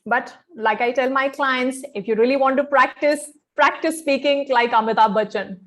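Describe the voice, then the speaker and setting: A woman's voice: high-pitched, moderate pace, a bit bright. A woman coaching pageant contestants on posture and speech, speaking in an instructive, friendly way with many fillers and checks of "okay". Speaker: pageant fashion and grooming coach. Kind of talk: training session talk.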